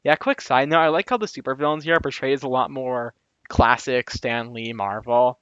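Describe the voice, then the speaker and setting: A man of middling pitch talks through a show review in a loose, opinionated way, dropping asides and fixing his own words as he goes. The recording is muffled and lo-fi, with a dry sound and no room around it. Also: normal speed, fairly bright tone, clear, resonant tone, no echo. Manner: chatty and opinionated, with asides and self-corrections. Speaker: video reviewer. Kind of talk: casual commentary monologue.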